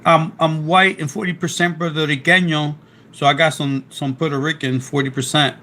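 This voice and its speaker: Reading chat aloud during a laid-back live stream, a South Philadelphia man speaks in a flat, somewhat high voice that is pushed and bright, at normal speed. He rambles, keeps restarting sentences, and struggles with a sore throat; his Philadelphia accent is clear.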